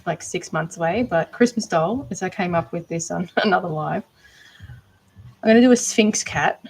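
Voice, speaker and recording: A woman's voice: on the low side, creaky, slight background noise, poor audio. A woman chatting casually to viewers on a craft livestream, laughing often and trailing off mid-thought. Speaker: livestreaming doll maker. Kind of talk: casual live stream chat.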